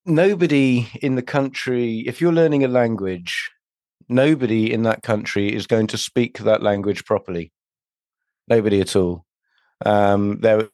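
A man from the UK answering interview questions, halting, with many pauses and restarts. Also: fairly low pitch, darkish tone, dry recording, studio quality.

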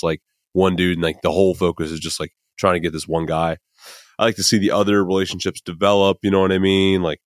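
This is a podcast host, a young man from the American Midwest with a low voice, captured in clean studio sound without any room ambience. He rambles in a casual, emphatic way, leaning on fillers and letting slip the occasional curse word.

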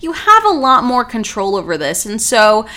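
A bubbly woman chats through her solo podcast. Her voice sits a little high, and she gushes warmly to her listeners in a loose, easygoing way. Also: huge pitch swings, normal speed. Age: 20s. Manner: bubbly, effusive, gushing. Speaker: podcast host. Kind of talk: casual solo podcast talk.

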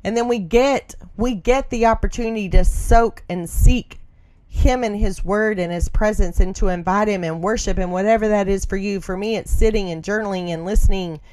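A middle-aged woman offers heartfelt devotional encouragement in a voice of ordinary pitch. She speaks earnestly, circles back on her phrases and checks in with her listeners as she goes. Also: steady tone, normal speed, a little mellow. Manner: earnest, repeats phrases, often trails into "right?".

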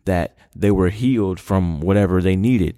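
A man's voice: low-pitched, moderate pace, mellow, no echo. A man co-hosting a faith podcast, telling a story in casual chat and ending with emphatic conviction. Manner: affirms with short interjections, then tells a story with emphatic conviction. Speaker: podcast co-host.

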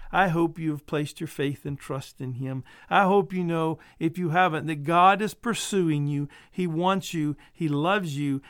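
A man's voice: fairly high pitch, no echo. Earnest male preacher, dry close sound. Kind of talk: sermon with closing prayer.

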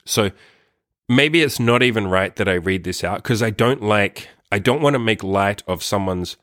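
A man's voice: fairly low pitch, normal speed, a bit bright, dry recording, clean studio sound. A man vlogging a story in a casual, rambling way, swearing often and filling his talk with "like". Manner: rambling, profane, heavy use of "like".

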